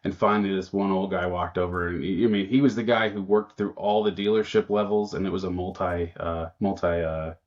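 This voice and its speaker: A man's voice: sits low, fairly quick, hardly any pauses, dull audio. A man guesting on a podcast as an automotive trainer, telling shop stories in a casual way and acting out the lines of people he quotes. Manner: animated storyteller who acts out quotes.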